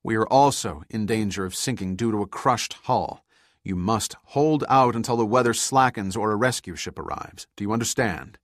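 A man voicing a calm, commanding male sea captain in an audiobook, firm and direct. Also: lowish voice, normal speed, no room sound, studio quality, lightly acted. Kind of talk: audiobook character reading.

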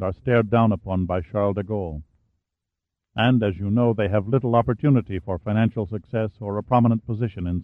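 A man voicing a grave French-Canadian prime minister who speaks calmly and measuredly. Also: fairly low pitch, no echo, natural voice. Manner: calm, measured. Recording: phone-like narrow band, dry.

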